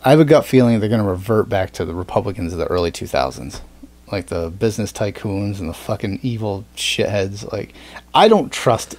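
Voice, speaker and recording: A man's voice: on the low side, lively intonation, a little fast, a little mellow. A man hosting a podcast in casual chat, rambling with fillers and plenty of swearing. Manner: rambling, swears often, frequent fillers and restarts. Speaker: podcast host.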